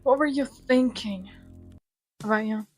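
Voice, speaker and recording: A woman's voice: fairly high pitch, normal speed. A woman gaming YouTuber reading a survival visual novel aloud, mixing dramatic reading with joking commentary.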